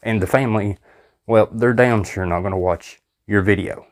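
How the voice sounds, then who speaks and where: Exasperated low-voiced man ranting. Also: moderate pace. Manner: exasperated, sarcastic. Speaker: commentary video host. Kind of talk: angry reaction commentary.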